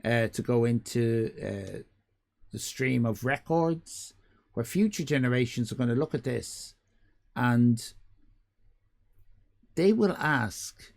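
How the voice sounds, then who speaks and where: A man's voice: mid-range voice, animated, unhurried, vocal fry, long pauses, a little mellow. A man hosting a live stream, rambling in casual commentary with mock-serious absurd humor. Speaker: livestream host.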